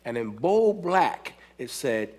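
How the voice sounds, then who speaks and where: Animated American man telling stories. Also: mid-range voice, slow, background noise. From United States. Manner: animated storytelling, laughs often, acts out quotes. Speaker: hip hop choreographer. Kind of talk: conversational panel talk.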